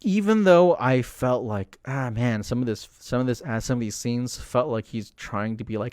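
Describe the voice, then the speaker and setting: A young man talks through his thoughts in a loose, rambling livestream chat, full of "like" and "you know" and sudden animated asides. His voice sits at a middle pitch. The sound is dry and close, with no room echo. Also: moderate pace. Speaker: streamer commenting on politics. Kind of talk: casual livestream commentary.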